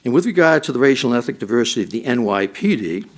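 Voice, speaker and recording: A man's voice: medium pitch, big pitch swings, rapid-fire. A middle-aged man, a former police chief, giving a prepared speech at a policy forum and repeating his points for emphasis.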